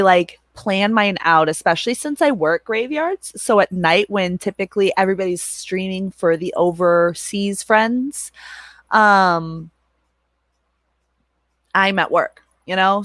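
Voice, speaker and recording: A woman in her thirties hosts a casual livestream, talking loosely to her viewers at a middle pitch. She rambles, laughs often and swears offhandedly. Her voice sits close and dry, with no room sound. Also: unhurried, a bit bright, no room sound. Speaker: livestream host and moderator.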